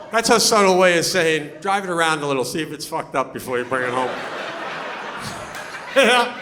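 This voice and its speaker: A man doing a stand-up comedy set on stage, animated and loud when he acts out quotes. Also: medium pitch, brisk. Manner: animated, swings into loud put-on voices for quotes. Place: on stage before a laughing audience.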